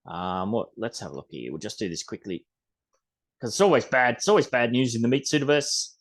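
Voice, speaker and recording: A man's voice: medium pitch, expressive, fairly quick. A man with an Australian accent hosting a podcast in rambling, casual chat, swearing mildly. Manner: rambling, chatty, mild swearing. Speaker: podcast host.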